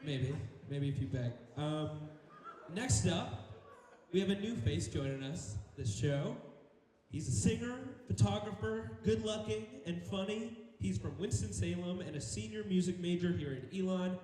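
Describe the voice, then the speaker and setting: A man's voice: high-pitched, measured pace, mellow. A man hosting a comedy show, introducing comics in an upbeat, teasing way. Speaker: show host. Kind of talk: emceeing introductions. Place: large hall on stage. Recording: echoey hall with crowd.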